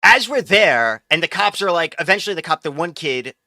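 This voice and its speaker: A man streaming live, ranting in a rambling, profane way. His voice sits somewhat high and sounds bright and forceful. The sound is dry and close, with no room echo. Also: expressive, brisk. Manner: profane, exasperated, rambling with restarts. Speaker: livestream host. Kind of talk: casual ranting storytelling.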